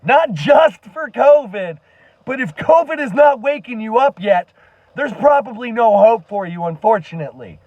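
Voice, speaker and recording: A man's voice: very high voice, lively intonation, normal speed, a little mellow, no echo, dull audio. A man giving an earnest, impassioned monologue to camera as a commentary vlogger, emphatic and swearing now and then.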